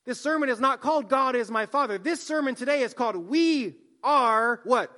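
A man, a pastor, preaching a sermon, swinging from soft hushed line endings to loud emphatic lines. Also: very high-pitched, lively intonation, normal speed.

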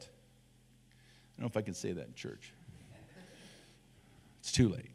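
Animated joking church elder. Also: male voice, medium pitch, unhurried, pauses often. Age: middle-aged. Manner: humorous, animated, self-deprecating asides. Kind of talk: casual storytelling sermon.

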